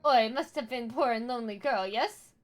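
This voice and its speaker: A woman's voice: fairly high pitch, moderate pace, faint music behind, lightly acted. A woman voicing a jovial, boastful male mercenary who speaks in broken grammar and refers to himself by name. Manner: jovial and swaggering.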